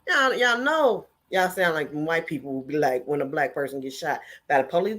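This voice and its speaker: A woman ranting her opinions in a casual vlog, blunt and heated, with mocking voices that jump up high. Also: animated, normal speed, few pauses, fairly bright tone. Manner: swings in pitch and volume, mocking voices. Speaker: commentary vlogger.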